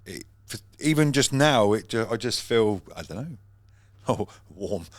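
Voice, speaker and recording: A man's voice: lowish voice, lively intonation, a little slow, dry recording. A man co-hosting a podcast, talking earnestly and jokily with frequent restarts. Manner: earnest and jokey, restarts often. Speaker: podcast co-host. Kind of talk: casual chat.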